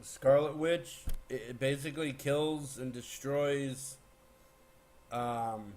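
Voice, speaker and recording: A man giving a casual, rambling movie spoiler recap, excitable, with lots of fillers and restarts. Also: medium pitch, slow. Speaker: movie reviewer.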